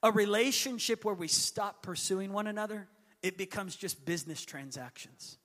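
High, bright-voiced man preaching in an echoey hall. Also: normal speed. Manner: lively storyteller who acts out his kids' voices. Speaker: pastor. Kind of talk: sermon with personal storytelling. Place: church hall.

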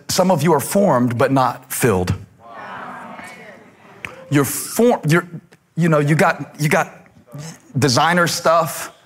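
A male pastor preaching a sermon in a rhythmic cadence, repeating phrases for emphasis and dropping to a hush on key words. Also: on the high side.

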